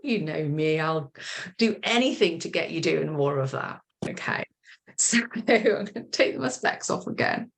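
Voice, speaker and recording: Woman coach, gentle guided relaxation, encouraging, chatty, video call. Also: low voice, animated, measured pace, gravelly. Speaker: self-love coach leading a group session.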